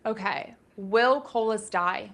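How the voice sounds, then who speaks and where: A woman's voice: medium pitch, slow, a bit bright. A woman co-hosting a casual live book discussion, speculating in a chatty way with many fillers.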